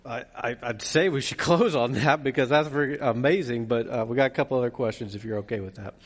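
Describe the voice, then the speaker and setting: A man moderating a church Q&A, reading out audience questions in a relaxed manner. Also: medium pitch, fast talker, in a large hall, some chatter behind, a little hiss or hum.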